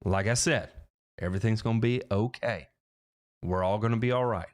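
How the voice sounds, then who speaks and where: A man's voice: fairly low pitch, moderate pace. A man hosting a casual livestream on a headset mic, answering viewer questions in a rambling way with lots of restarts, fillers and joking asides.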